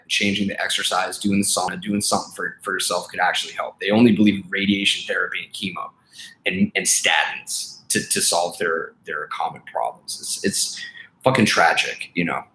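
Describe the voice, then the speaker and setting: A man's voice: deep voice, a bit bright. A young man ranting casually to camera, blunt and profane, full of fillers and exasperation. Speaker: vlogger and life coach. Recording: echoey room.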